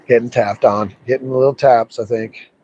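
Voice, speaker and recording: A man's voice: medium pitch, fairly even intonation, moderate pace, mellow, lo-fi sound, slight background noise. A man casually talking through a fishing session outdoors by a river, chatting to himself and to the fish. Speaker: fishing livestreamer. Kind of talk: casual live commentary while fishing.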